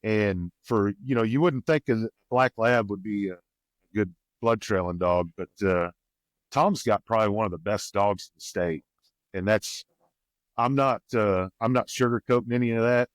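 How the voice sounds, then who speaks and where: A man's voice: normal speed, no room sound. Folksy man telling a hunting tale. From Missouri, USA. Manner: rambling, folksy, quotes others with raised pitch. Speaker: podcast guest. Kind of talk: casual storytelling.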